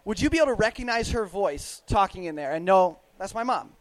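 Very high-voiced man giving a faith talk. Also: lively intonation, fast, dry recording, low-quality recording. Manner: casual, chatty, laughs often, questions the crowd. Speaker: youth minister. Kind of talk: interactive faith talk to an audience.

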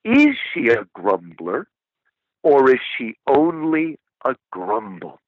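A man voicing a wise older male Scottish spirit guide with a Scottish accent, speaking slowly and gently over a dull, dry lo-fi recording. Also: medium pitch, wildly swooping pitch, no echo, full character voice. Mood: musing.

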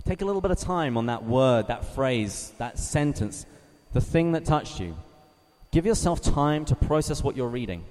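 A man from England, giving a measured teaching talk to a live group, reading scripture slowly and asking his listeners questions. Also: medium pitch, lively intonation, a little mellow. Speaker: Bible study speaker. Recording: reverberant hall.

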